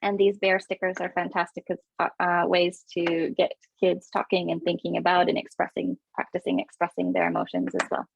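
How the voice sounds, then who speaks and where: A woman in her thirties presenting a parenting webinar over a video call, talking quickly with many fillers in a friendly, instructive way. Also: on the low side, gravelly, slightly rough, dull audio. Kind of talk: casual webinar talk.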